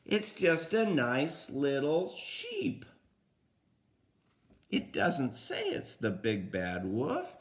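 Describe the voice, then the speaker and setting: An older man reading a picture book aloud to a child, animated and often asking the listener questions. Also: medium pitch, slow pace, few pauses. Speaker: grandfather storyteller.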